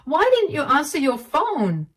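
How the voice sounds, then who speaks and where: A woman's voice: sits high, wildly swooping pitch, unhurried, far from the mic, voice pushed up, heavily acted. A woman voicing a hurt young wife who confronts her husband in agitated, pleading outbursts. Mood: frantic. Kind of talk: storytelling dialogue.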